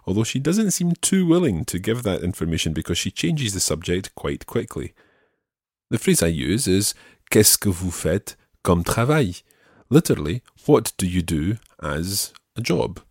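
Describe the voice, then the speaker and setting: A man hosting a language lesson, repeating model phrases slowly and explaining them patiently. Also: sits low, sing-song, a little mellow, husky, dry recording, studio quality. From Scotland. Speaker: language teacher and podcast host.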